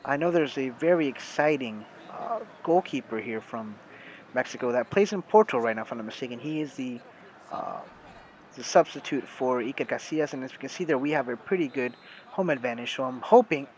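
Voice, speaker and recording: A man's voice: mid-range voice, a little hiss or hum, rough recording. A young American man giving casual, chatty commentary over a football video game, talking to his viewers with lots of fillers and self-corrections. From United States. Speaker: gaming YouTuber.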